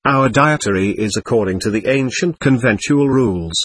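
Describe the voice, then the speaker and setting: A timid young monk asks earnest, deferential questions, as a man reads him. His voice is husky and dry, and he plods carefully through a long list of rules. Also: medium pitch, normal speed, no room sound, lightly acted. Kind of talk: audiobook character reading.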